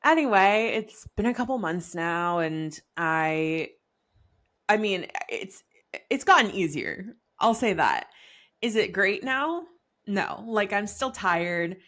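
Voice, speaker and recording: A woman's voice: medium pitch, animated, takes it slowly, a bit bright. A young pregnant woman co-hosting a podcast, chatting casually with lots of "like" and frequent laughter. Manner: chatty, laughs often, many likes. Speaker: podcast co-host.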